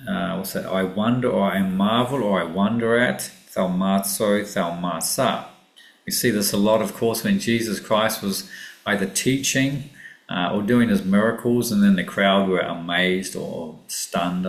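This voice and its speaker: A man teaching Greek vocabulary and grammar in a casual classroom lesson, thinking aloud with many ums and self-corrections. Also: on the low side. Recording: echoey room.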